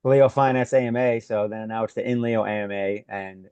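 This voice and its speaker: A man's voice: fairly low pitch, fairly even intonation, moderate pace, a little mellow, clean tone, no echo, dull audio. A man co-hosting a casual live audio chat with easygoing banter. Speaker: co-host.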